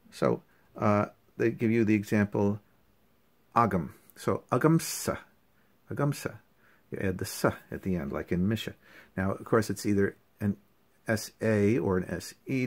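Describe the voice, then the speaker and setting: A man with a somewhat low voice walks through a lesson review in an unscripted, casual way. He pauses often with fillers and restarts his sentences, and he sounds out words slowly. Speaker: language learner reviewing lessons. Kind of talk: casual spoken lesson recap.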